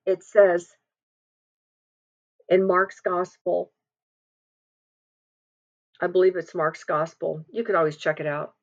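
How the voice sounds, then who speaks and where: A middle-aged woman gives an informal devotional sermon, retelling scripture in a chatty way full of restarts and asides. Her voice is on the low side at a normal speed, and the recording is muffled.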